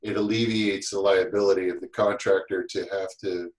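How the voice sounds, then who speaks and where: Low-voiced rambling man, roomy sound. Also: level tone, moderate pace. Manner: rambling, restarts often. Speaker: guest, safety instructor. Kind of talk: casual chat.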